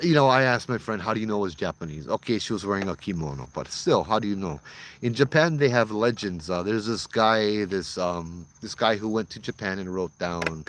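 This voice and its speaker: Guy, low voice, laid-back ghost story chat with slang. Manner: relaxed, chatty, local slang. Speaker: host. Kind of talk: casual storytelling.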